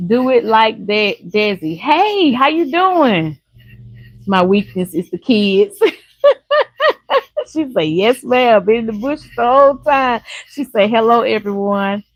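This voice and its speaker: A woman's voice: medium pitch, no room sound, rough recording. Chatty older woman. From Louisiana. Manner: chatty, laughs often, warm folksy talk. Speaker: YouTube live streamer. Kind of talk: casual chat to live viewers.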